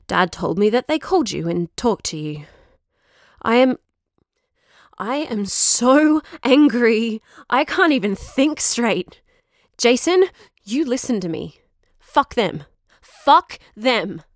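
A woman's voice: fairly high pitch, expressive, takes it slowly, long pauses, dry recording, clean studio sound. A woman acting a loyal sister who is expecting a baby. She talks fiercely and earnestly, and she pleads. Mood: fierce, pleading. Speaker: protective older sister. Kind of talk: audio drama acting.

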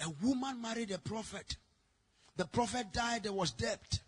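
A man preaching a sermon, telling stories with sudden shouted lines. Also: extremely high pitch, normal speed, slightly rough. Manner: dramatic storytelling, bursts into shouting. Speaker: pastor.

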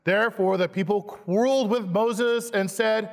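Slow-preaching pastor in a reverberant hall. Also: male voice, sits high. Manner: slow, emphatic preaching with dramatic quoted lines. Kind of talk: sermon. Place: church sanctuary. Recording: long hall reverb, church sanctuary.

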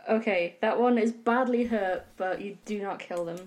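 A woman's voice: mid-range voice, moderate pace, darkish tone. A woman running a tabletop game as game master, giving brief, matter-of-fact rulings.

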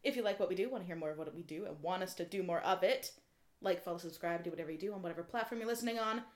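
A woman's voice: on the low side, racing, a little mellow. A woman hosting a podcast in casual chat, swearing freely and laughing off her own flubbed lines. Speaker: podcast host.

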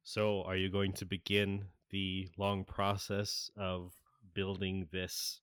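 A man with a lowish voice runs a tabletop game at a slow, easy pace, often laughing and stopping on fillers as he narrates. The sound is dry and close, with no room around it. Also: completely flat delivery, a bit bright, smooth, no room sound. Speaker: game master.

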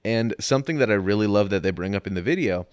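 A man with a low voice explains a topic on a casual podcast, rambling along with fillers and the odd swear. The sound is dry and close, with no room around him. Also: animated, quick pace, smooth, no echo. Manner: explanatory, rambling with fillers, exasperated when interrupted. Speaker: podcast co-host presenting a topic.

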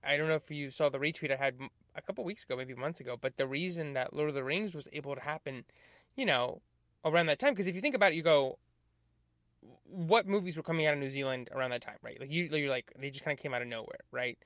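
A man's voice: on the high side, fast talker, fairly bright tone, no room sound, clean studio sound. A man in casual podcast chat who explains at length, swears casually and keeps affirming with "right" and "mm-hmm".

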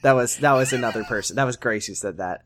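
A man's voice: medium pitch, quick pace, a bit bright, slight background noise. A young man co-hosting a podcast, recapping a show in an exasperated, sarcastic way, with some swearing. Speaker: podcast co-host. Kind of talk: casual recap chat.

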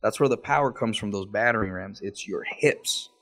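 Man, 30s, lowish voice, casual swearing storyteller on a video call. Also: moderate pace, a bit bright. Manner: profane, laughing storyteller. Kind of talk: casual chat.

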